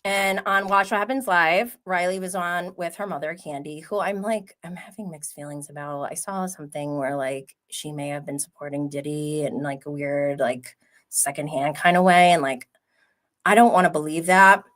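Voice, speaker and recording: Young woman gossiping on a live stream, super animated, swears a lot, does little voices for quotes. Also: sits low, moderate pace. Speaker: livestream host recapping reality TV. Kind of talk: casual chatty commentary.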